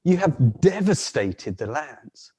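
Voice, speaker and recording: A man voicing a calm, wise guardian lion that steadily scolds a monster, heard over a video call. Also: a little high, slow, breathy edge, heavily acted. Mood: calmly reproachful. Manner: steady, reproachful questioning.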